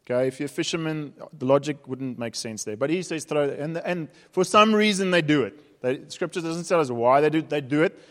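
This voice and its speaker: A man's voice: a little high, a little fast, hardly any pauses, fairly bright tone. A man with a South African accent preaching a sermon, telling stories in a conversational, humorous way. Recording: reverberant hall.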